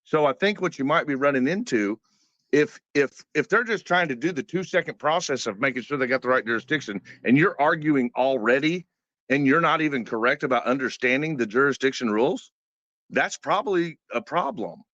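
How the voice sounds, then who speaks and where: A man's voice: mid-range voice, lively intonation, a little fast, a bit bright, dry recording. A man on an online panel, explaining his view carefully and insisting on finishing his sentences. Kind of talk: heated online panel debate. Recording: dry, dull lo-fi call audio.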